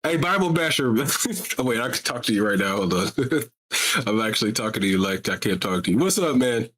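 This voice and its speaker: In a casual religious call-in livestream, the host presses his listeners again and again with rhetorical questions. He has a medium-pitched, expressive voice with a fairly bright tone and speaks at a moderate pace. There's slight background noise.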